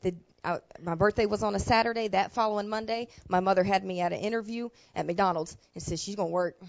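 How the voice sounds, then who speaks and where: A woman pastor telling a personal story in a sermon, talking in a plain, colloquial way that drops to quiet asides and rises to loud emotional bursts. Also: medium pitch, fast talker, vocal fry, dull audio. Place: church sanctuary.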